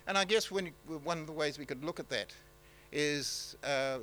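A man preaching a sermon in a halting, conversational way, with many fillers and restarts. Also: medium pitch, bright, forceful tone, a little hiss or hum, rough recording. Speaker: pastor.

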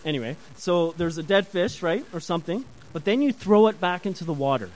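A man preaching a sermon to a congregation, animated, often asking the listeners questions and chatting with them. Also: high-pitched, a little fast, low-quality recording. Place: church before a congregation.

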